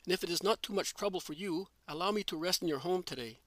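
A calm, solemn male teacher speaks kindly, voiced by a male reader. He sounds fairly high-pitched for a man. The recording is dry and close. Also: fast talker, no room sound. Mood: gentle.

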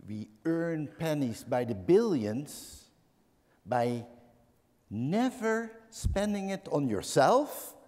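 A Dutch man tells a wry story very slowly, leaving long pauses between short phrases. His pitch moves in a lively way, and his voice carries the long reverb of a hall. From Netherlands. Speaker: speaker on stage. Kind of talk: slow, deliberate storytelling talk.

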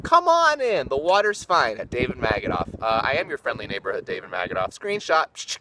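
A man's voice: fairly low pitch, sing-song, brisk, very noisy. A man hosting a comic livestream, chatting with viewers in a goofy, playful way and jumping between silly voices. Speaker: livestream host. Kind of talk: improvised comic livestream banter. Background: loud ukulele.

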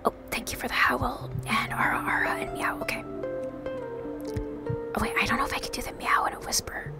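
A woman's voice: fairly high pitch, steady tone, a little fast, vocal fry. A woman streamer in whispered role-play, reading game dialogue aloud and answering chat in a whisper. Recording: music playing behind the whisper.

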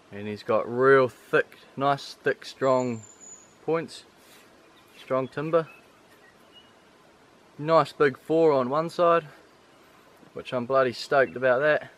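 A young New Zealand man talks straight into his action camera out on a steep hillside. He is excitable and blunt and swears freely. His voice sits at an ordinary middle pitch. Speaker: hunter filming himself. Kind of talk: casual self-filmed commentary. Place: steep hillside gully outdoors.

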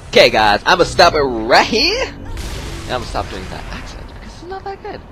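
A man's voice: on the high side, huge pitch swings, moderate pace, bright, forceful tone. A young man recording a let's play, rambling goofily and talking straight to his viewers. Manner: goofy, rambling, talks to viewers. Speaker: gaming video host. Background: game music.

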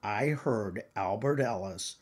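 A man's voice: lowish voice, slow, breathy edge. An older man, a professor and exam-prep author, lecturing earnestly and emphatically to counseling exam takers.

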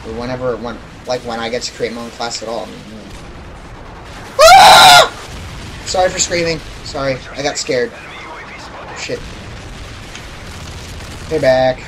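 A young man giving casual, jokey gameplay commentary who yelps and shouts when something startles him. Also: medium pitch, moderate pace, long pauses, very noisy. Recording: loud game gunfire behind voice. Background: gunfire and explosions from the game.

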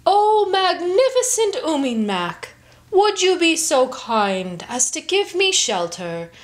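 Woman doing a snowy owl, storybook, very polite, high voice, slow. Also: sing-song, heavily acted. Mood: courteous. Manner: elaborately polite. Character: gentle snowy owl asking politely for shelter.

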